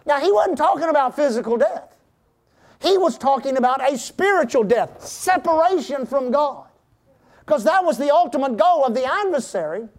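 A middle-aged man preaching a sermon, calling out to the congregation, reading scripture aloud and at times breaking into shouts. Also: very high-pitched. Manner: preaching with call-and-response to the congregation; reads scripture aloud in old-fashioned wording. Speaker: pastor.

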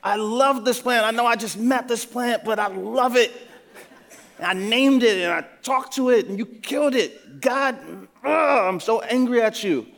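A man's voice: very high-pitched, a little slow, a bit bright, pitched above the performer's own voice, exaggerated voice. A man voicing an angry, sulking prophet who complains melodramatically. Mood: upset. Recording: long hall reverb.

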